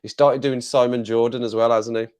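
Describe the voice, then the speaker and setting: A man's voice: mid-range voice, steady tone, fairly quick, darkish tone, clear, resonant tone. An English man hosting a casual live chat with viewers from his home desk, jokey and rambling, laughing often, on a clip-on mic. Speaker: livestream host.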